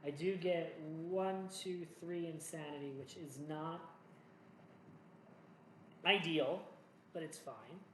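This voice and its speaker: His voice on the high side, fairly even in intonation, this solo board game player and channel host speaks slowly with long pauses. He offers casual, jokey, self-deprecating commentary on each move, recorded in an echoey room with faint noise.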